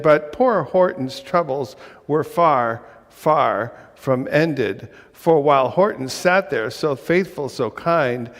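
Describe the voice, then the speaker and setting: A male minister reading a rhyming picture book aloud to a congregation, in a rhythmic, expressive storytelling manner. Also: fairly high pitch, long reverb tail. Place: church sanctuary.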